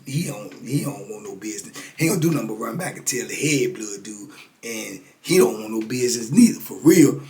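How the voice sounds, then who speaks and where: An older man from the United States telling a story in a casual, animated way, acting out the dialogue with street slang. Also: medium pitch. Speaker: storyteller sharing prison experiences.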